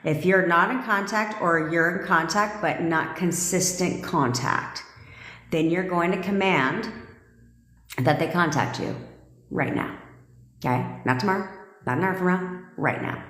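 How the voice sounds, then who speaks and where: Woman live-streaming as a coach, low voice, tough and foul-mouthed, a roomy echo around her. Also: a little slow, a bit bright. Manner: bossy, blunt and profane, with frequent "okay?".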